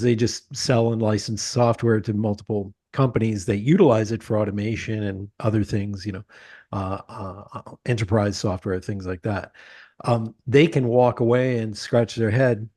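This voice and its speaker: A man's voice: fairly low pitch, normal speed. A man hosting a business interview, telling stories with laughs and frequent filler words. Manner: animated storyteller, laughs often, many uh fillers. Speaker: podcast host. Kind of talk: casual interview chat.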